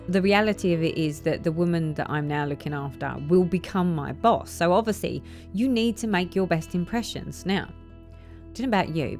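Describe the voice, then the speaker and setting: A woman's voice: sits low, darkish tone. A woman vlogging, chatting casually and acting out quotes as she retells a story. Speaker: flosstube vlogger. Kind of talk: casual chat to camera.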